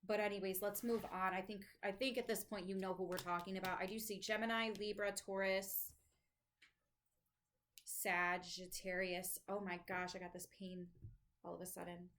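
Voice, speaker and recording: A woman's voice: medium pitch, flat delivery, normal speed, fairly bright tone, slight background noise, poor audio. A woman giving a casual tarot reading to camera, chatty and thinking aloud, with the odd swear, at home with her dogs nearby. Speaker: tarot reader.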